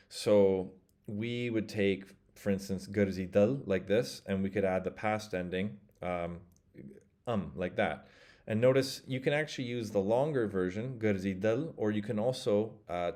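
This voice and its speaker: A man teaching a language lesson in a relaxed, casual way, thinking aloud and correcting himself, slowing down to pronounce the example words. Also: on the low side.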